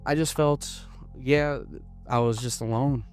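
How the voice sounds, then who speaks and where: A young man from Florida, a comedian guest in a casual interview, talking in a hesitant, halting way with many restarts. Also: medium pitch, steady tone, faint music behind. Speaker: podcast guest, stand-up comedian.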